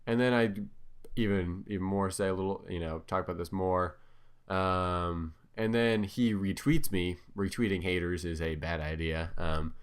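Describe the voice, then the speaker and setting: Man, low-pitched, casual rambling commentary, hesitant, self-correcting, filler-heavy. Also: steady tone, normal speed, smooth. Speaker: commentator on his own videos.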